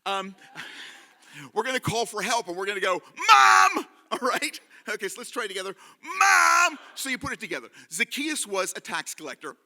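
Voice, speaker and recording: A man telling a story live to an audience in a hall, animated and leading them in call-and-response. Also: high-pitched, brisk.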